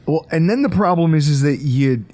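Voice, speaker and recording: A man hosts a casual sports podcast with a joking, quick manner. His voice sits a little high for a man and swings widely in pitch as he riffs through his points. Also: no room sound. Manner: animated, joking, quick asides. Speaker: podcast host.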